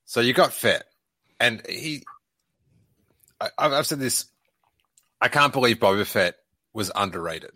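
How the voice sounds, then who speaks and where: A man with a New Zealand accent hosting a casual panel chat, halting and restarting often. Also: medium pitch, lively intonation, bright, forceful tone, no echo. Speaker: podcast host.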